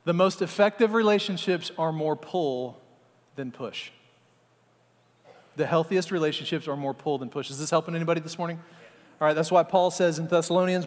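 Male pastor, high voice, animated sermon with acted-out scenes, long hall reverb. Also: normal speed, pauses often. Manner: animated, acts out little scenes, talks to the congregation.

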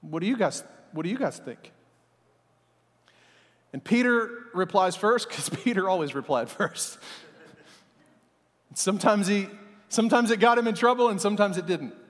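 A man preaching a sermon as pastor, telling the story in a lively, casual way and voicing the disciples in everyday speech. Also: sits high, normal speed, pauses often, big-room sound.

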